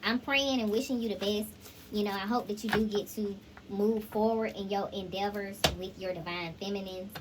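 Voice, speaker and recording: A woman's voice: mid-range voice, steady tone, normal speed, noisy background. A woman giving a casual tarot reading, talking straight to viewers and breaking into song snippets. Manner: chatty, sings snippets, addresses viewers directly. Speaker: tarot reader.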